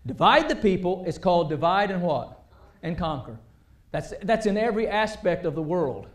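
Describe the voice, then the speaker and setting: A male preacher delivering a sermon in a high-pitched voice. He talks in an animated way, pressing points hard and then dropping to quiet asides. The sound rings around an echoey church sanctuary. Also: moderate pace. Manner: animated, rising and dropping between loud emphasis and quiet asides.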